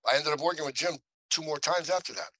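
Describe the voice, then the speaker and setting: A man's voice: fairly high pitch, fast talker, sharp tone, dry recording, low-quality recording. A man, an actor as interview guest, telling stories in rambling talk with many restarts and acted-out quotes. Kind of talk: casual interview storytelling.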